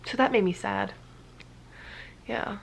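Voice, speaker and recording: A woman's voice: medium pitch, slow pace, vocal fry, slight background noise. A woman vlogger telling a casual story-time tale, rambling with many fillers and dipping into whispers now and then.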